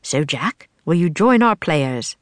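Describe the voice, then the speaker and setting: A woman's voice: sits low, big pitch swings, slow pace, no room sound, exaggerated voice. A woman voicing a kindly, old-fashioned man playwright in a storybook reading, with courtly, archaic phrasing.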